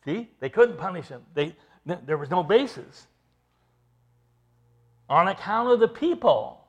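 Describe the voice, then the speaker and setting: Male preacher, high voice, sweeping and lively intonation, emphatic expository sermon. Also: measured pace, lo-fi sound. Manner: emphatic, explains scripture verse by verse.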